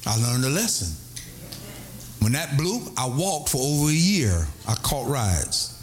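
A middle-aged man, a pastor telling a story in a sermon, animated and prone to high excited cries. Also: measured pace.

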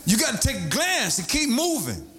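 A man preaching a sermon, animated, breaking into shouts and sing-song emphasis. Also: very high voice, normal speed, faint music behind.

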